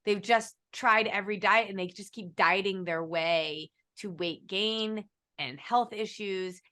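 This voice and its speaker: An upbeat woman hosts a live-stream chat with a bright, forceful edge to her voice. She encourages her guest and speaks straight to the viewers, keeping the talk lively. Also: medium pitch, measured pace. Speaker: host, nutrition business owner.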